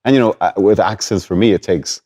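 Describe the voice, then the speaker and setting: Irish actor, very low voice, soft-spoken and halting in casual chat. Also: male voice, slightly rough. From Ireland. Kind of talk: casual conversation.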